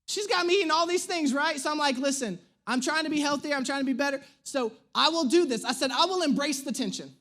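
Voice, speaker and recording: A man in his thirties, a pastor, telling a humorous personal story in an animated, self-mocking way during a sermon. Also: very high voice, quick pace, few pauses. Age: 30s. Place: church stage.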